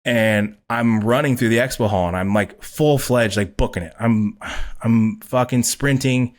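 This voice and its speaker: A man guest on a podcast, telling a story casually, swearing a lot and acting out quotes loudly. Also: medium pitch, unhurried. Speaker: podcast guest, pro bodybuilder.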